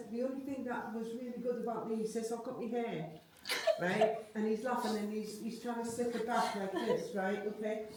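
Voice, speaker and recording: A woman working as a medium, relaying messages to a sitter in a chatty way, with frequent tag questions. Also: mid-range voice. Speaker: medium giving a reading. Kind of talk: live psychic reading to a sitter. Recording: echoey room from far off, faint noise.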